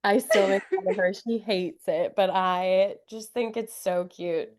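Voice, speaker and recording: Slow-talking upbeat young woman. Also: medium pitch, steady tone. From Wisconsin. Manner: giggly, upbeat, lots of fillers. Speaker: podcast guest. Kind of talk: casual chat.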